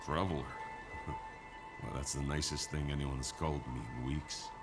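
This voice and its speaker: A man's voice: extremely low pitch, fairly even intonation, a little slow. An actor playing a smug, cruel male bandit leader who mocks and threatens in a theatrical way. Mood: menacing. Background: game music.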